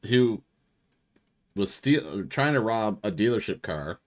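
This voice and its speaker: Here a young man streaming a game talks slowly in a lowish voice. His long, casual story is full of swearing, and he brings it to life by imitating the people in it with voiced quotes.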